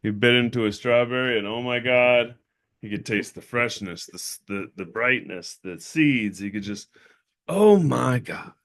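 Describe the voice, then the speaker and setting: A man hosting a casual livestream, telling a story in a blunt, profane, animated way and acting out other people's voices. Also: mid-range voice, moderate pace, no room sound, studio quality. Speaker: channel owner and host.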